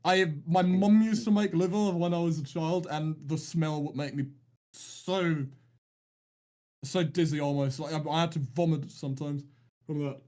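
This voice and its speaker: Male stream caster, slightly higher voice, dry teasing banter. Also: normal speed. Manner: teasing, deadpan jokes, rambling restarts. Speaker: esports caster. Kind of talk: casual live-stream banter.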